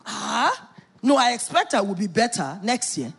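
Animated woman preaching. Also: a little high, moderate pace, slightly rough. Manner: animated, emphatic preaching with playful asides. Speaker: pastor. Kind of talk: sermon.

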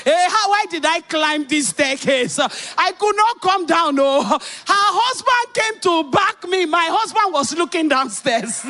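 A middle-aged Nigerian woman preacher telling a personal story in a sermon, animated, with loud exclamations. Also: high-pitched, a little slow, hardly any pauses.

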